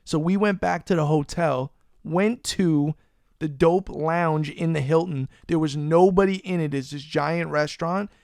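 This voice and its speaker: Animated, foul-mouthed podcast host, higher-pitched man. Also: a little slow, creaky, dry recording, studio quality. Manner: animated, profane, loose storyteller. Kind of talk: casual storytelling chat. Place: Florida.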